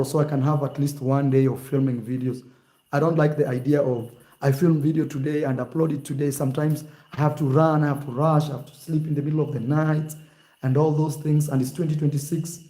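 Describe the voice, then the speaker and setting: Animated man vlogging. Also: a little high. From Kenya. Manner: animated, teasing, shifts to mock accents. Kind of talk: casual vlog talk.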